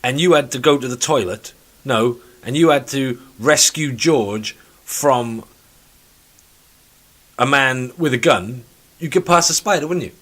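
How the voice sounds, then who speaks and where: A man's voice: mid-range voice, measured pace, a bit bright. Male co-host, blunt and playful, swears freely in casual chat. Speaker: podcast co-host.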